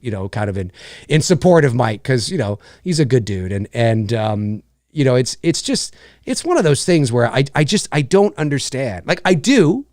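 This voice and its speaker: A man's voice: mid-range voice, no echo, studio quality. A man hosting a live stream, ranting casually with lots of swearing and mocking voices. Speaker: host of a live stream show.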